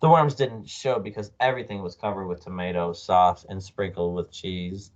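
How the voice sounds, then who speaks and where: A man reading a children's book aloud as storyteller, expressive with small slips. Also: deep voice, normal speed, lo-fi sound. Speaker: storyteller, read-aloud narrator.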